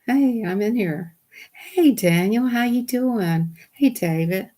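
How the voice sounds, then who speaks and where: A woman, hosting a casual livestream from home at night on a desktop computer mic. She chats excitably with her viewers and laughs often. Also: a little high, takes it slowly. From Southern United States. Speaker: livestream host.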